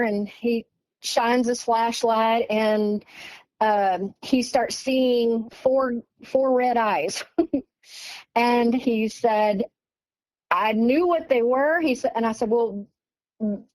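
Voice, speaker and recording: A woman's voice: no echo, poor audio. A woman casually telling a story as a guest, quoting herself and her boyfriend back and forth, often with "he goes" and "I said.". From East Texas. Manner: retells dialogue with many "he goes" and "I said"; animated, rises in pitch when quoting.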